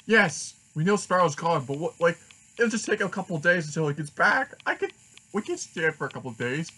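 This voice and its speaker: A man's voice: fairly high pitch, big pitch swings, moderate pace, pushed and bright, breathy edge, voice pushed up, full character voice, poor audio. A worried male monster teammate from a cartoon, as a man acts him out, fretful and pleading with his friends.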